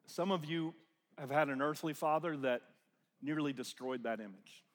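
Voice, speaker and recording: A man preaching a sermon in church. He moves between loud proclaiming and hushed, almost whispered lines, repeats phrases, and leads the congregation in call-and-response. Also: on the high side, measured pace, pauses often, big-room sound.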